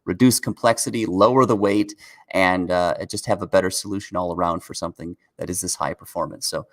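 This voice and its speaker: A man's voice: low voice, fairly even intonation, a little fast. A man co-hosting a casual car news live stream, chatting easily and chuckling now and then as he reads out viewer questions. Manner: laid-back, chuckles often, reads out chat questions. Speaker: co-host of a car news show.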